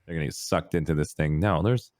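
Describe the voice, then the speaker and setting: Deep-voiced animated storytelling man. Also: fast talker, dry recording, clean studio sound. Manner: animated storyteller, acts out voices with big pitch jumps. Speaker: podcast guest, streamer. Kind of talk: casual chat.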